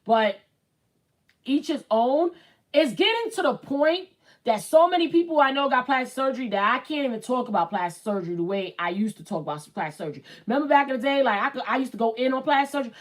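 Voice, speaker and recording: A woman's voice: high-pitched, animated, quick pace, poor audio. A woman in her late thirties hosting a casual livestream, chatting bluntly and reading out viewer comments. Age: late 30s. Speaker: show host.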